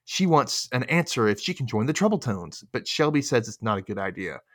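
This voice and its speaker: Lively-voiced man hosting a podcast, tipsy. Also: mid-range voice, brisk. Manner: swears freely and laughs often. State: tipsy from drinking. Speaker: podcast host. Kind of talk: casual recap chat.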